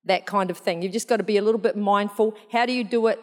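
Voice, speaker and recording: A woman telling a story in a sermon, chatty and animated, laughing often. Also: medium pitch, quick pace. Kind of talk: sermon testimony. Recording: long hall reverb.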